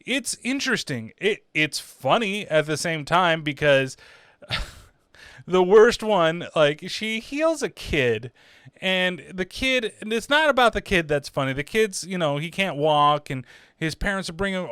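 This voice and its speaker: A man hosting a horror podcast, giving a casual film review, animated, laughing often and swearing casually. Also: high voice, a little slow, clear, resonant tone, dry recording, clean studio sound.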